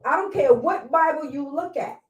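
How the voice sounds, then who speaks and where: Brief: opinionated woman from New York, firm and blunt, a touch high, mic at a distance. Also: animated, moderate pace. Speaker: guest, hairstylist. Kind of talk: casual talk show chat. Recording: roomy sound, mic far off.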